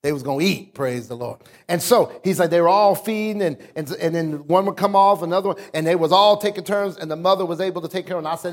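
A male pastor preaches a sermon, calling out to the congregation and stretching words for emphasis. He swings between low, explanatory talk and raised, drawn-out emphasis.

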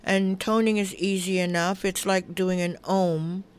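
A middle-aged woman calmly teaching relaxation through humming, toning and breathing, giving unhurried, soothing guidance. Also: lowish voice, smooth. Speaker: wellness teacher. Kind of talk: guided relaxation instruction.

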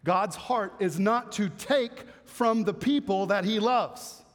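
A man preaching a sermon as pastor, animated, swinging between loud emphasis and soft asides. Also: high-pitched, slow, in a large hall.

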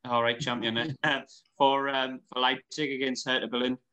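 Male co-host, bright and forceful tone, hesitant casual delivery. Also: medium pitch, flat delivery, moderate pace, low-quality recording. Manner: hesitant, lots of fillers and "like". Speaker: podcast co-host. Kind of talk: casual chat.

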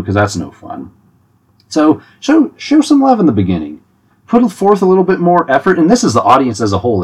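A young man talking casually about concerts in an animated, chatty way, with frequent restarts and laughs. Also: medium pitch, husky. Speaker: podcast host giving concert tips. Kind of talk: casual monologue.

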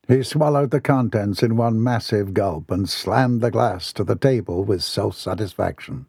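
A man narrates a comic novel with wry, theatrical relish. His voice is gravelly and a touch husky. The recording is dry, with no room sound. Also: lowish voice, moderate pace, few pauses, mellow, no echo. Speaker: audiobook narrator. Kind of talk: scripted narration.

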